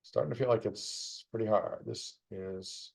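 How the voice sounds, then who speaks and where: A lowish, slightly rough and mellow voice with vocal fry belongs to a tired middle-aged man who yawns during a live stream. He speaks a little slowly in a steady tone, muttering over a puzzle and teasing its setter casually.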